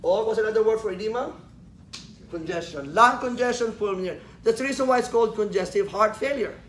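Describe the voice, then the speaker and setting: A fast-talking man with a high, somewhat bright voice lectures a class, throwing questions at students and joking. He laughs at his own jokes, and the recording carries the echo and faint noise of the classroom.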